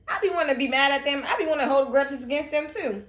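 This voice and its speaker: A woman's voice: high voice, fast talker, fairly bright tone, roomy sound. Emotional woman confiding in viewers. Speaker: vlogger raising her late sister's children. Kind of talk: candid personal vlog.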